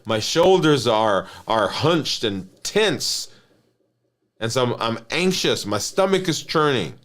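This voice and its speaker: A man's voice: mid-range voice, sing-song, slow, a bit bright. A man, a physician and health coach, giving an earnest teaching monologue, often checking in with "right?" and restarting his phrases.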